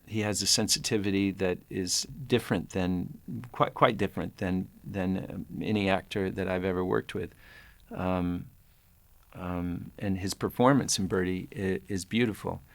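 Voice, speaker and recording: A man in his sixties, an actor looking back on a past role in a thoughtful, halting way, often restarting his sentences. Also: deep voice, fairly even intonation, creaky, no room sound. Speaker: actor recalling a film. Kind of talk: reflective interview recollection.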